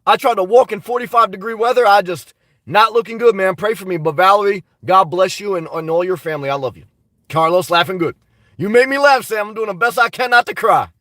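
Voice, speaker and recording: A high-pitched man talks casually to his live-stream viewers, rambling as he reads their comments back and answers them bluntly. A dry cough keeps breaking through. The sound is dry, with the mic set a little away from him. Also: fairly quick, pushed and bright, no room sound, recorded from a distance. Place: inside a car.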